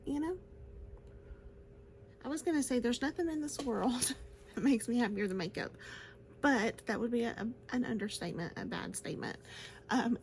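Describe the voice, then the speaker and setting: A woman with a fairly high voice chats her way through a makeup tutorial, gushing over each shade and laughing easily. A faint hiss sits behind her voice. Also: creaky, darkish tone. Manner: chatty and gushing, laughs often. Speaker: beauty vlogger. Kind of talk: casual makeup tutorial chat.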